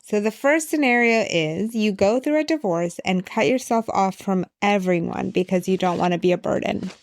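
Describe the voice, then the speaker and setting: A woman co-hosting a podcast who tells stories in a lively, blunt way and leads the segments. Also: medium pitch, moderate pace, vocal fry, no echo. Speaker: podcast co-host. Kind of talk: casual podcast conversation.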